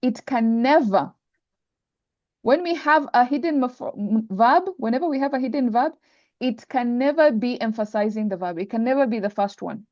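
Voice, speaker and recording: A woman's voice: a little high, a little fast, a little mellow, no echo. A woman teaching Arabic grammar in an online class, patient and full of examples, with a dull, dry video call sound. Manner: patient, explains with examples, many restarts.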